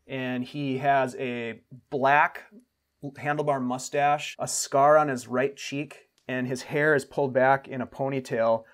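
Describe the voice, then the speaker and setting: Man, game master, relaxed descriptive narration, fillers, mid pitch.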